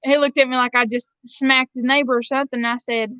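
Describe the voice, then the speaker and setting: A woman's voice: high voice, level tone, fairly quick, pushed and bright, smooth, dry recording, highs cut off. A woman from Georgia with a Southern drawl, casually chatting to her live-stream viewers and rambling with frequent laughs. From Georgia, USA. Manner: rambling, laughs often between sentences. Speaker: vlogger reading live chat.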